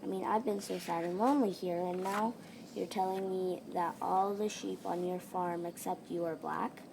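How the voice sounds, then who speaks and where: A woman voicing a lonely, excitable young black sheep who gets loud when excited, read in a gravelly, low voice over a noisy home recording. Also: normal speed.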